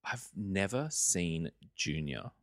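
A man with a deep, low voice chats casually on a podcast. He rambles through loose, filler-heavy sentences and swears freely. His pitch moves around a lot, and the sound is dry and close. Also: expressive, takes it slowly, fairly bright tone, no room sound. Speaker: podcast co-host. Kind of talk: casual chat.

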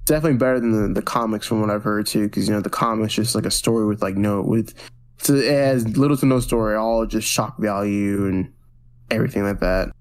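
A man's voice: fairly low pitch, steady tone, a little fast. Rambling man recapping a TV episode. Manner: rambling recaps with many restarts and acted-out quotes. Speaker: podcast co-host. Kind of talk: casual pop-culture podcast chat.

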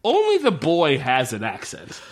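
A man co-hosting a casual podcast chat, sarcastic and quick to laugh, swearing freely. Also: a little high, huge pitch swings. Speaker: podcast co-host. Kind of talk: casual chat recapping a TV episode.

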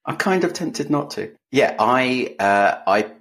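Speaking slowly with lively intonation, this man has a medium-pitched, slightly bright voice. He's co-hosting a podcast, swapping stories in a relaxed chat laced with wry jokes at his own expense.

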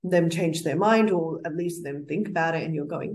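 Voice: mid-range voice, normal speed, a little mellow. A podcast co-host in casual chat, telling stories in a chatty way with many fillers.

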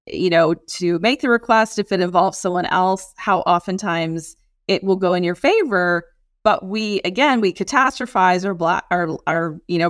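A woman's voice: lowish voice, no room sound, studio quality. A middle-aged woman co-hosting a podcast in casual chat, emphatic and encouraging, with frequent affirmations. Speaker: podcast co-host.

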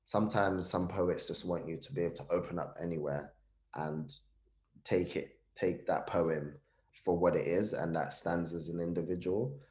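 A deep-voiced man speaks reflectively as an interview guest, circling back and restarting phrases as he thinks aloud. His low voice carries a roomy echo. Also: steady tone, moderate pace, a little mellow. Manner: thoughtful, restarts phrases, uses British slang.

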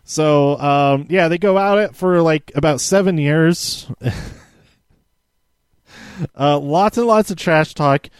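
A man's voice: a little high, slow, long pauses, smooth, no echo. Rambling man reviewing a show. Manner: rambling, many fillers and restarts; reads from handwritten notes. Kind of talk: casual spoken review.

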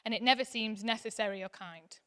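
A woman, preaching a sermon in a chatty, animated way that turns soft and earnest. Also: a little high, a little fast.

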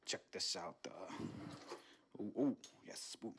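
A man's voice: slow, heavy background noise, lightly acted. A man voicing a brash older male politician who rambles and stammers while sneaking around a house, in a comedy sketch. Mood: sneaky. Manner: rambling, stammering, repeats words.

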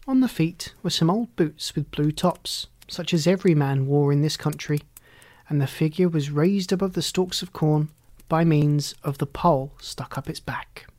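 Soft, half-whispered storybook reader. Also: mid-range voice, no echo. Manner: soft and hushed, often half-whispered, unhurried. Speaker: audiobook reader. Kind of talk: scripted story narration.

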